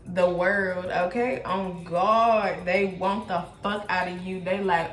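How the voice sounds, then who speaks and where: A woman doing a casual tarot reading, animated and profane, often breaking into laughter. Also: lowish voice, slow pace, few pauses. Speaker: tarot reader. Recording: echoey room with faint noise.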